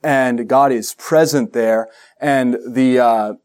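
A male pastor preaching a sermon, animated, with joking asides and acted-out quotes. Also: mid-range voice, takes it slowly, clean tone.

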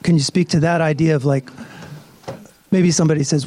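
A man's voice: on the high side, fairly even intonation, fairly quick, dark tone. A man co-hosting a casual podcast, asking questions in an inquisitive, conversational way. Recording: noisy recording.

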